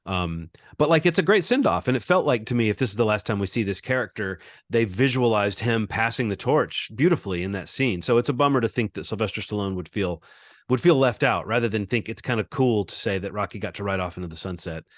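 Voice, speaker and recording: A man's voice: on the low side, fast talker, dry recording, clean studio sound. Rambling male podcast co-host. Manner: rambling, animated, many fillers and restarts. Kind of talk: casual movie review chat.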